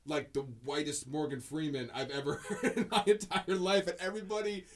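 A man with a fairly high voice co-hosts a podcast in loose, casual chat. He jokes, laughs often and swears freely. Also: little pitch movement, fairly quick, a bit bright. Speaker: podcast co-host.

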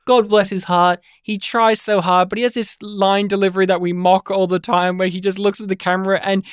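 A podcast co-host chatting casually about films, animated and jokey, with a habit of slipping into mock impressions. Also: mid-range voice, a little fast, clear, resonant tone, no echo, clean studio sound. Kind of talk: casual chat.

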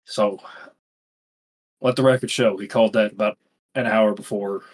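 A man's voice: fairly low pitch, steady tone, moderate pace. A man co-hosting a casual podcast chat, telling stories in a rambling, profane way with lots of fillers. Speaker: podcast co-host.

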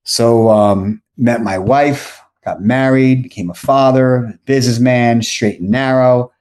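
A man's voice: mid-range voice, slow pace. Rambling storytelling man in his forties. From South Florida. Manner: rambling, self-correcting, animated storyteller. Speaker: podcast guest. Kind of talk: casual storytelling.

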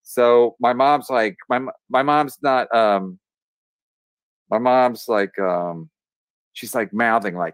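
A man telling a rambling story on a podcast, full of restarts, fillers and pauses. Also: medium pitch, smooth, dry recording. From Irish.

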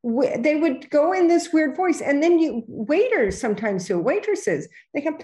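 A middle-aged woman and real estate agent chatting casually on a podcast, telling stories lively and acting out the voices of people she quotes. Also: high voice, moderate pace. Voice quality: animated storyteller who acts out quoted voices.

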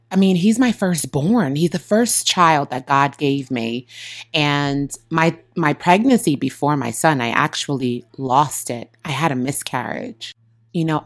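Mother in her thirties, low-pitched, candid and emotional personal storyteller. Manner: emotional, confessional, acts out her own past yelling in a shrill voice.

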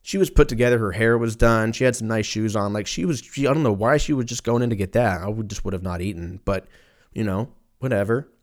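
A man in his thirties tells a loose, profane comic story. His voice sits slightly low and keeps veering off on tangents before circling back. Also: quick pace. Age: 30s. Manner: profane, rambling, self-interrupting. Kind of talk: casual comedic storytelling.

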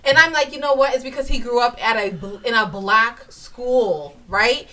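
A woman co-hosting a podcast, defending herself in lively, laughing banter. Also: a little high, moderate pace, far from the mic. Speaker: podcast co-host. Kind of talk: casual banter.

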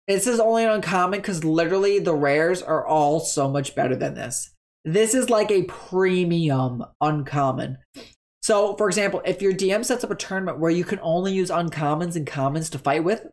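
A chatty, upbeat host walks through tabletop game monster stats in a loose, rambling flow. They stop mid-thought to correct themselves and then carry on. The voice sits at a middle pitch. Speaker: tabletop game content creator.

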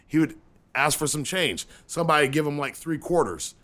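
A man with a fairly high voice talks through a story in halting bursts. He restarts his sentences, fills the gaps with "uh" and "like", and swears casually as he goes. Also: pushed and bright. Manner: halting, stumbling starts, profane.

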